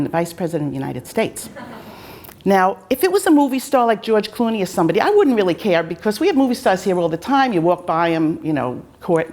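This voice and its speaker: A woman's voice: mid-range voice, darkish tone. A woman host, a fencing coach, telling casual anecdotes in a chatty, self-deprecating way.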